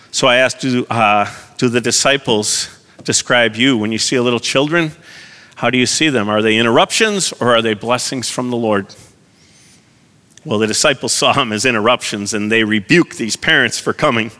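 Male lay preacher, conversational and self-deprecating sermon delivery, bright voice. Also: medium pitch, normal speed. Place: church. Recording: long hall reverb.

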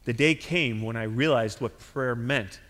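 A man preaching a sermon as pastor, earnest and emphatic, swinging between loud declarations and quiet tender lines. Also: medium pitch, a little slow. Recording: long hall reverb.

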